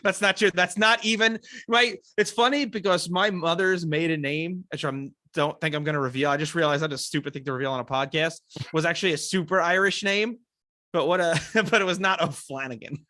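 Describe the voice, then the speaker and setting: A man's voice: fairly high pitch, fairly quick, bright, forceful tone, no echo. A man co-hosting a podcast, chatting casually about a film and cracking dry jokes. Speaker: podcast co-host.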